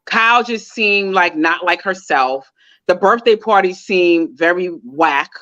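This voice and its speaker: A woman co-hosting a casual reality TV recap, chatty and animated as she retells scenes. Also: on the low side, measured pace. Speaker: podcast co-host. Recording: dull lo-fi audio.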